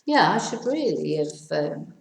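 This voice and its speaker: A woman teaching a casual video lesson, a little hoarse with laryngitis, spelling words out letter by letter and adding chatty asides. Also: low-pitched, big pitch swings, measured pace, echoey room, noisy background. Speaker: Spanish teacher.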